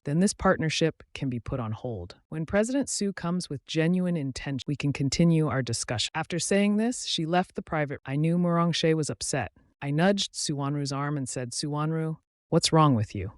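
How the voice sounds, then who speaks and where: A man reading a drama story recap as narrator, voicing every character's lines in the same even voice. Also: a little high, moderate pace, no echo, studio quality.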